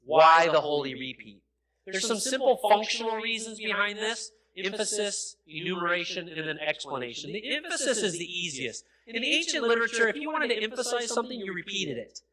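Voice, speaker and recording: High-pitched man preaching emphatically. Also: animated, brisk. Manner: emphatic preaching, rising to near-shouts on key points; explanatory teaching with repeated phrases and fillers. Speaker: pastor. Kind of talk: sermon. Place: church sanctuary. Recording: noisy sanctuary recording with crowd sound, poor audio.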